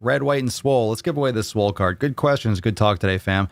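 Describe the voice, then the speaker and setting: A man's voice: on the low side, fast, creaky. Rambling American man joking with his chat. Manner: rambling, repeats himself, joking banter with chat. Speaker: livestream host. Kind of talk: casual live Q&A chat.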